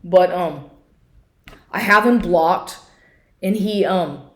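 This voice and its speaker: A woman's voice: on the low side, slow, reverberant. A woman telling a personal story in a casual rant, swearing often and restarting her sentences, recorded at home at her computer. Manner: profane, agitated, restarts often. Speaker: vlogger.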